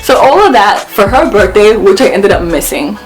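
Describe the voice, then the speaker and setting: A young woman telling a story on her vlog, animated and swearing as she acts out the quotes. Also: medium pitch, normal speed, soft background music. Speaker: vlogger.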